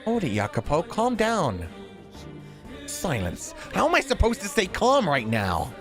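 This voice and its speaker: A man's voice: sits high, huge pitch swings, a little slow, soft background music, voice pushed up, exaggerated voice. A man voicing a scheming young woman who drops her sweet act, reading visual novel lines in a cold, sneering manner. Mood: commanding. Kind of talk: visual novel dialogue read aloud.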